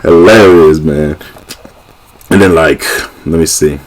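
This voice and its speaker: A young man vlogging a casual movie recap, an animated storyteller who keeps laughing and acting out the scenes. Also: a bass voice, slow pace. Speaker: YouTube vlogger.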